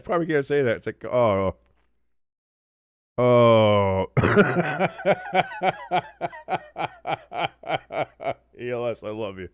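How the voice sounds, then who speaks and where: A man's voice: medium pitch, lively intonation, extremely slow, pauses often, no room sound. Dry-sounding man doing casual play-by-play. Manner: joking, chatty, reads out chat messages. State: wired on coffee. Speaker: watch-along stream host. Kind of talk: casual live play-by-play commentary.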